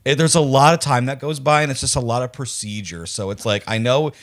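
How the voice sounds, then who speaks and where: A man joining a podcast as a guest, explaining things in casual chat in a measured way. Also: medium pitch, fairly bright tone.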